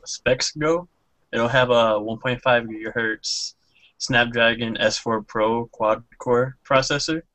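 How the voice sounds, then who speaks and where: A man's voice: medium pitch, bright, forceful tone, no echo, low-quality recording. A man on a tech podcast panel, reading off specifications in a plain, matter-of-fact way. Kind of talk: listing specs in podcast chat.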